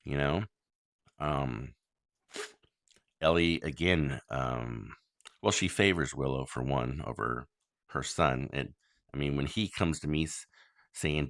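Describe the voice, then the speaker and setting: A man talking straight to his listeners as a worried, angry father, blunt and full of ums. His voice sits very low but swings widely in pitch. The sound is dry and close. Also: animated, slow, pauses often, a bit bright, no echo. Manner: frank, blunt, frequent ums and swearing; indignant, complaining. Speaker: father making a public plea. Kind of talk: monologue to listeners.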